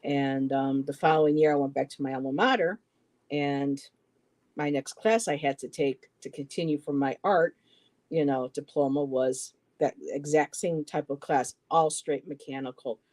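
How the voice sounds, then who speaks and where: A middle-aged man telling a personal story in a halting way, repeating words and quoting what others said. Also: on the high side, fairly even intonation, darkish tone. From western New York, US. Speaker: poetry show co-host.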